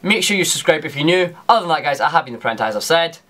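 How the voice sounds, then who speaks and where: A man's voice: on the high side, lively intonation, very fast, sharp tone. A young Scottish man telling a casual, rambling story to camera as a YouTuber, with lots of fillers and restarts.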